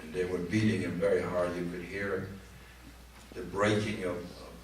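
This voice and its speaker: An older man from Poland giving personal testimony to students, speaking haltingly and repeating words. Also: low voice, level tone. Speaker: Holocaust survivor speaker. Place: large hall at a community event. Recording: echoey hall from far off, faint noise.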